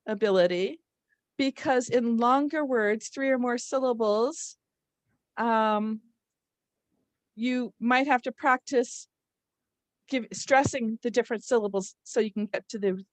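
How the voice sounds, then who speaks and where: Woman instructor, fairly high voice, dry close sound, explains and models stressed syllables for teachers. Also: no echo. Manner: explanatory, demonstrates word stress aloud. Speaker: literacy instructor leading a workshop. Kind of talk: live online workshop teaching.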